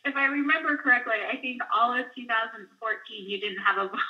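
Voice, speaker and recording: A woman's voice: fairly high pitch, moderate pace, lo-fi sound. A woman hosting a fitness team webinar, talking in an upbeat, gushing, casual way. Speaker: webinar host, team leader. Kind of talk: enthusiastic casual webinar talk.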